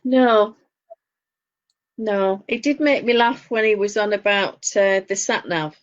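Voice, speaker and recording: A woman's voice: mid-range voice, slow. A woman with a Northern English accent, co-hosting a casual podcast chat, telling stories and laughing often. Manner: chatty storyteller, laughs often. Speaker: podcast co-host. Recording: dull lo-fi sound.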